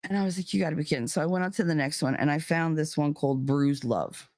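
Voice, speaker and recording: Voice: medium pitch, darkish tone, no room sound. Earnest livestream host, dry close sound. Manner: earnest and emphatic, with frequent fillers; stretches key words slowly for emphasis. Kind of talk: casual spoken monologue.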